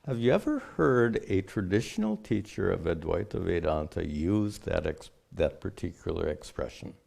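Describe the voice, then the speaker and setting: A man, a spiritual teacher, answering questions in a measured, explanatory way. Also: sits low, sing-song, creaky, a little mellow. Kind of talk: unscripted teaching talk.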